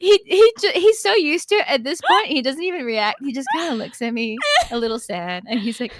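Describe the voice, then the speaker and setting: A woman's voice: sits high, expressive, fairly quick, hardly any pauses, background noise. A young woman hosting a stream, chatting in a giggly, bubbly way. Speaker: streamer host. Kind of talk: casual chat.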